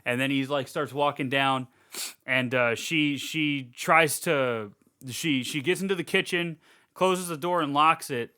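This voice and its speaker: A man co-hosting a horror podcast, recapping a film in an excitable, rambling casual chat and swearing freely. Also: fairly high pitch, a little slow, smooth. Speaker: podcast co-host.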